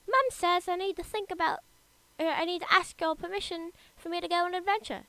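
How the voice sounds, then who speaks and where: Woman playing a young British boy, pleading, eager, bright high voice, game character. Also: steady tone, brisk, no echo, exaggerated voice. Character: excited young boy adventurer.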